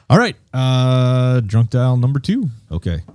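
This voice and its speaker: A man hosting a casual podcast, chatting in a relaxed, laid-back way. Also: mid-range voice, slow, clean tone, dry recording. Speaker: podcast host.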